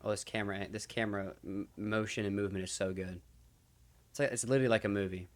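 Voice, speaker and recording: A young man talks through a music video in casual, slang-filled commentary. His voice sits fairly low, and he thinks aloud with excited energy. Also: fast. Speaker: reaction video host.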